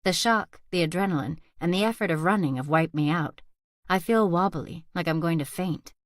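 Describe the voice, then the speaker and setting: A woman reading a first-person thriller audiobook aloud as narrator in a soft, steady whispered role-play. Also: on the low side, normal speed, no echo, studio quality. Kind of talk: scripted narration.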